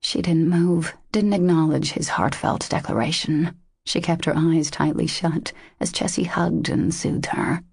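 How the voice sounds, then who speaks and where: A woman narrating a romance audiobook in a measured, intimate way. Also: deep voice, creaky, darkish tone, breathy edge, no echo, studio quality.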